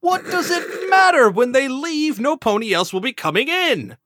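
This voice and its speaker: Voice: mid-range voice, sing-song, takes it slowly, a bit bright, no echo, studio quality, voice pushed down, heavily acted. A podcast host putting on the voice of a gloomy, grumbling older male pony who hosts a restaurant. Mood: despairing. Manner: grumbling and mopey.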